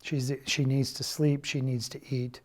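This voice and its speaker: Quiet man telling a personal loss. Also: mid-range voice, little pitch movement. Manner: quiet, halting storytelling that quotes others' words. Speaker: church testimony speaker. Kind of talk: personal testimony. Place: church.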